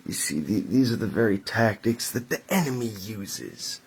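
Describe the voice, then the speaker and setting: A young adult man talking to camera in a rambling, mock-theatrical vlog monologue, halting with fillers and wry asides. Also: fairly low pitch, lively intonation, vocal fry, slightly rough. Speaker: vlogger.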